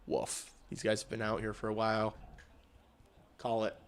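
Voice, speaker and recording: A man hosting a hockey livestream, calling the game in casual play-by-play and getting loud and excited on big chances, with some swearing. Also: fairly low pitch, normal speed, clear, resonant tone. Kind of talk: casual live play-by-play commentary.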